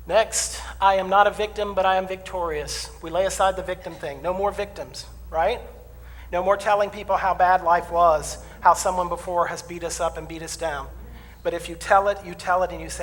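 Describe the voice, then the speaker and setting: A middle-aged man preaching a conversational sermon as minister, swinging from loud declarations to hushed asides and acting out complaints in quoted voices. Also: sits high, steady tone, fairly quick. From southern United States. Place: church sanctuary. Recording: long hall reverb, faint room noise.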